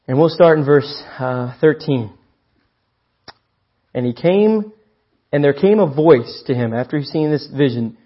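A man's voice: fairly high pitch, animated, normal speed. Earnest young male preacher, lo-fi. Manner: earnest, emphatic, rises to loud stresses. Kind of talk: sermon.

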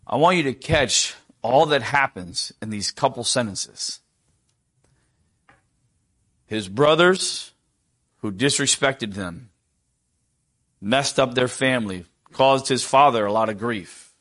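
A middle-aged man preaching a sermon, asking the congregation rhetorical questions and dropping to a near hush for tender quoted lines. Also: medium pitch, expressive, takes it slowly, pauses often.

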